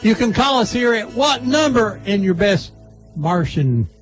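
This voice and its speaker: A man hosts a local radio show with a voice pitched a little high. He banters with his co-host in a loose, joking way. Music plays clearly beneath his talk. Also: big pitch swings, a little slow. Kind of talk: casual radio chat.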